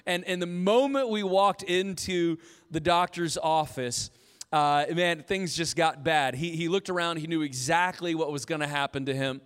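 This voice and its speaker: A man in his thirties preaching a sermon as pastor, telling stories in an animated way and quoting himself. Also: on the high side, normal speed, clean tone. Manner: animated, storytelling with self-quotes. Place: church auditorium. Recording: long reverb of a large hall.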